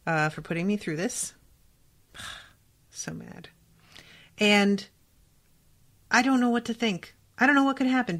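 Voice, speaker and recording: A woman hosting a casual book-reaction podcast, reading passages aloud and reacting with expressive, profane outbursts. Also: mid-range voice. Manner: expressive and profane, swings between quiet reading and excited outbursts. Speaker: podcast host.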